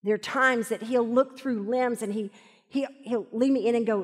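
A woman, telling a story in a sermon at a live event and dropping to soft whispers for emphasis. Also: a little high, steady tone, moderate pace, breathy edge. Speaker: Bible teacher. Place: large event hall. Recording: echoey hall reverb.

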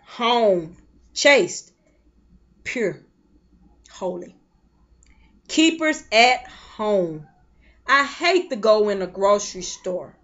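A woman delivers a sermon with passion, her bright, sharp voice sitting a little high. She swings between loud, rising praise and quiet, low asides, sometimes slipping into tongues. The recording sounds dull and lo-fi. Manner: impassioned preaching with sudden loud swells and soft drops; speaks in tongues between phrases. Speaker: preacher.

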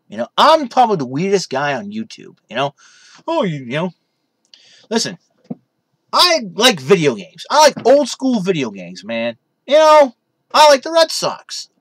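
A man's voice: high voice, a bit bright, no echo. A young man casually vlogging from his room in his parents' basement, rambling and saying "you know" constantly. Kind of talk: casual vlog chat.

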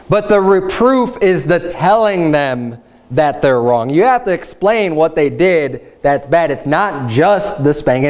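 A young adult man preaching a sermon at a church service, frank and conversational, with stories from his own life. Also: on the high side. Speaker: pastor.

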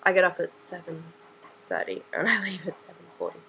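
A woman's voice: on the low side, sing-song, fairly quick, pushed and bright, a little hiss or hum, low-quality recording. A young woman in her late teens with an Australian accent, chatting in a scattered, self-deprecating vlog into a camera she holds herself. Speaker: student vlogger. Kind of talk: casual rambling vlog.

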